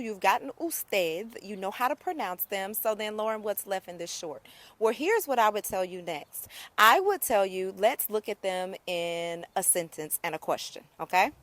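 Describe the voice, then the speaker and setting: A woman's voice: medium pitch, fairly bright tone, no echo. A woman giving a casual video lesson on Spanish, upbeat and chatty, often checking in with "okay?" and "right?". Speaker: Spanish teacher.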